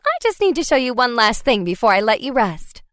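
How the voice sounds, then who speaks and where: A woman voicing a perky guide who speaks in a bright, sing-song, salesy way in an audiobook. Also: on the high side, sing-song, fairly quick, no echo, clean studio sound. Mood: chirpy.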